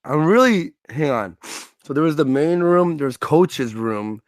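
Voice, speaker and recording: There's no room sound on this clip of a Canadian man whose voice sits a little high and whose pace is unhurried. Animated and foul-mouthed, he riffs on stream and voices characters for laughs.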